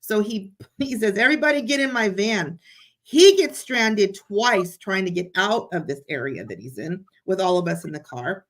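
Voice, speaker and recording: A woman chatting as a guest, telling a story in an excited, animated way. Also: mid-range voice, normal speed, hardly any pauses. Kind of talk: casual chat.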